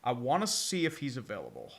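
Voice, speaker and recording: A man's voice: medium pitch, wildly swooping pitch, quick pace, gravelly, a bit bright. A man streaming casual football chat, rambling with melodramatic fan despair. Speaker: sports streamer.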